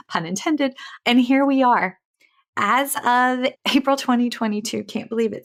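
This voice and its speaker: A woman hosting a podcast, effusive and animated, laughing often as she introduces her guest. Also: fairly high pitch. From South Carolina. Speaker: podcast host. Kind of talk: enthusiastic interview chat.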